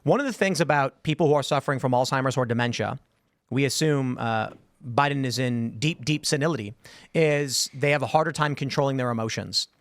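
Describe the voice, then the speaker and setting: A man's voice: mid-range voice, brisk, no echo, clean studio sound. A male show host in casual panel chat, emphatic and repeating words as he argues.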